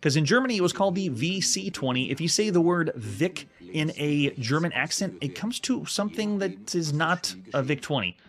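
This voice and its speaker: A man talking through old games as he plays them, his voice sitting a little high and swinging up and down a lot. He rambles and restarts his words, then gives his verdict in a relaxed, casual way. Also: moderate pace. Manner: rambling, restarts words often while playing. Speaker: host reviewing retro games. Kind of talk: casual gameplay commentary.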